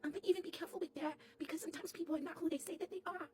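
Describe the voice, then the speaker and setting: A woman's voice: very high voice, fairly even intonation, very fast, darkish tone. A woman voicing a sweet, chatty little girl doll who stammers and repeats her words as she tells a comic story to camera. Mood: earnest.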